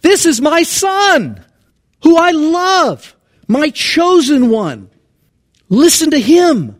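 A solemn, high-pitched proclamation as God speaking from a cloud, put on by a preacher. He stretches each phrase slowly and with weight, with a wide swing in pitch. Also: sing-song, full character voice. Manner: slow, raised, proclaiming.

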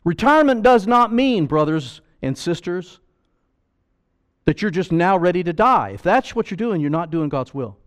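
A man's voice: a little high, expressive, moderate pace. A man preaching a sermon as pastor, emphatic and pleading, full of rhetorical questions.

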